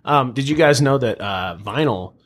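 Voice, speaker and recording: A man's voice: medium pitch, lively intonation, moderate pace. Laid-back swearing young man hosting. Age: young adult. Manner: laid-back, swears freely, laughs often. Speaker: podcast host. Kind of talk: casual interview chat.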